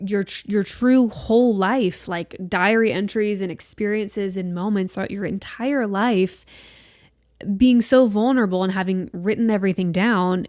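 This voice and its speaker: A woman in her late twenties hosting a solo podcast, chatting in an animated way and swearing casually. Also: medium pitch, no echo, clean studio sound. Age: late 20s. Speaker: podcast host.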